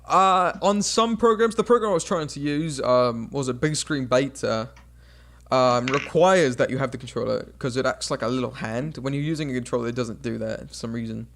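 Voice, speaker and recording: A young man with a mix of British and American accent, hosting a casual podcast chat and often pausing to search for words. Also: medium pitch, vocal fry, fairly bright tone. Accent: mixed British and American. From United Kingdom. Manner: hesitant, many fillers and restarts. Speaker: podcast host.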